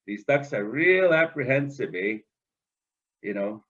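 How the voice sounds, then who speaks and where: A man telling a folktale to students in a relaxed, conversational way, chanting song lines and often asking "right?". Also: on the low side, normal speed, muffled recording. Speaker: oral storyteller. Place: school.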